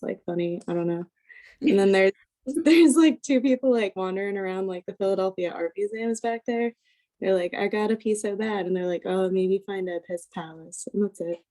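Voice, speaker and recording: A woman's voice: medium pitch, mellow. A woman describing her comic on a video call, rambling and filling her talk with "like". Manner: rambling, filler-heavy. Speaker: workshop participant. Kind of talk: casual sharing on a video call.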